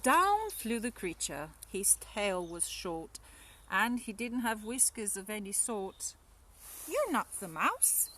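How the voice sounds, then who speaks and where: A woman teacher reads a rhyming picture book aloud at a gentle, slow pace. Her voice rises and falls expressively, keeping a steady storytelling rhythm. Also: mid-range voice, a little hiss or hum.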